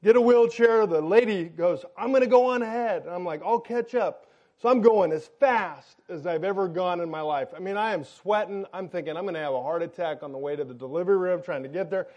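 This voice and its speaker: A middle-aged man preaching a sermon, telling a funny, animated story and acting out the lines of the people in it. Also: sits high, a little fast, hardly any pauses, muffled recording. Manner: animated, jokey storytelling with acted-out quotes. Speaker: pastor.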